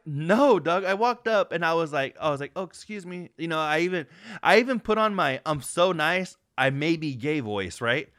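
A man chatting on a podcast in an easygoing, profane storytelling flow. His voice sits a little high, recorded dry and close. He jumps into different voices when quoting people. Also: normal speed, no echo. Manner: profane, animated storyteller acting out quotes. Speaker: podcast co-host. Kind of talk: casual storytelling chat.

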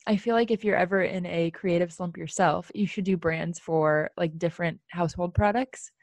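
A woman from California co-hosting a casual chat, talkative and quick to laugh, with many fillers. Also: fairly low pitch, steady tone, a little mellow, no room sound.

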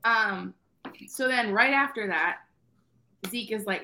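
A woman's voice: fairly low pitch, normal speed, pushed and bright. A woman co-hosting a casual book podcast, retelling the plot playfully with frequent laughter over a video call. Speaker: podcast co-host. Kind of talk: casual book club chat.

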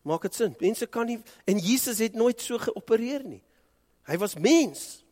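A man with a South African accent preaching a sermon, swinging from loud urging to hushed, low passages. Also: expressive, moderate pace, in a large hall. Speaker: pastor. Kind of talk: bilingual sermon.

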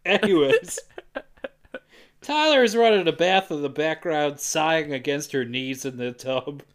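A man co-hosting a podcast, retelling a movie's plot with profane jokes, frequent laughter and quick impressions of the characters. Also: on the high side, animated. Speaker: podcast co-host. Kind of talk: casual movie recap narration.

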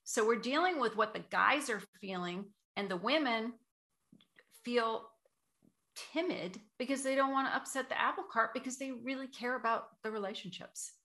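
A woman who coaches voice and public speaking, giving measured, explanatory answers as an interview guest. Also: on the high side, bright, forceful tone.

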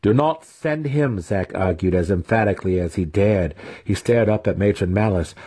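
Deep husky male fantasy narrator. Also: dark tone. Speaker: audiobook reader.

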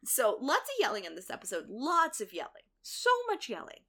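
A woman co-hosting a casual podcast, retelling a TV episode and acting out the characters' lines, sometimes yelling and swearing. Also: on the high side, wildly swooping pitch, brisk. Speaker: podcast co-host recapping a TV episode. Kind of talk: casual chat.

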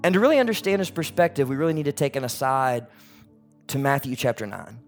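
A man preaching a sermon as a pastor, in an animated, conversational way. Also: mid-range voice, fast, faint music behind.

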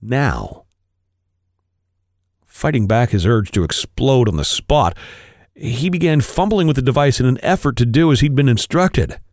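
A man, a podcast co-host, reading an erotic story aloud with expressive, varied delivery. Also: mid-range voice, moderate pace, no room sound, clean studio sound.

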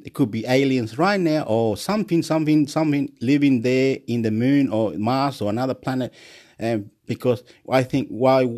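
Rambling man talking to himself. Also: a little mellow. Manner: rambling, wandering, full of puzzled questions; breaks into high scat singing. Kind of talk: rambling solo monologue.

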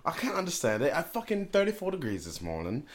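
A man's voice: a little high, fast. A man co-hosting a podcast in casual chat, swearing a lot and laughing along. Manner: animated, profane, laughs along. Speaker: podcast co-host.

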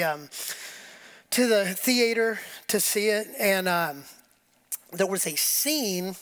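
A man giving a conversational sermon as pastor, animated and casual, acting out quotes as he preaches in a church. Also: high voice. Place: church sanctuary with congregation.

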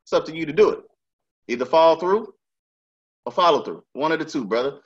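Animated, profane man telling a story. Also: a little high, brisk, highs cut off. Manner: animated, profane, emphatic street slang. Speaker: podcast host. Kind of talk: casual storytelling chat.

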